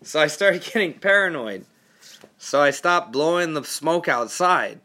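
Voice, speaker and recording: A man's voice: on the high side, expressive, a little slow, bright, forceful tone. A man hosting a podcast, telling funny personal stories in a laid-back, profane, laughing way. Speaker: podcast host. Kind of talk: casual storytelling.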